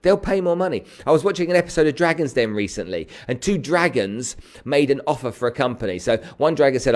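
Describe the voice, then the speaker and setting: A middle-aged man giving a lively sales coaching talk on a live stream, greeting viewers by name. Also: mid-range voice, fast talker, hardly any pauses.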